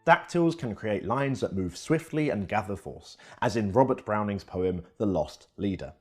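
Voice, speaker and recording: A man with a low, slightly husky voice narrates an educational piece from a script. His delivery swings widely in pitch, keeping the telling lively. Soft music plays underneath. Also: normal speed.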